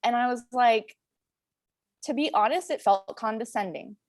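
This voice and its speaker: A woman's voice: fairly high pitch, moderate pace, darkish tone, no room sound, clean studio sound. A woman in her late twenties, a guest telling her own story in a frank, earnest way, with many "like"s and "you know"s. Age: 20s. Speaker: interview guest. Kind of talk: personal story in a recorded conversation.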